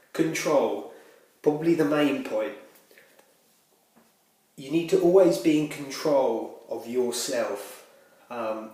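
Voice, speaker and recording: A man, slightly out of breath from a cold, lays out club tips with earnest, rambling self-assurance and plenty of ums. His pitch sits in a middling range. The recording is very echoey. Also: darkish tone. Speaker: comedy character giving dating tips. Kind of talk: deadpan spoof advice video. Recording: very echoey room.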